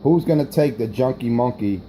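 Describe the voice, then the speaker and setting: A man's voice: medium pitch, moderate pace, background noise. A man talking on a CB radio, boastful and rambling, with many fillers. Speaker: CB radio operator. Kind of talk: radio chatter.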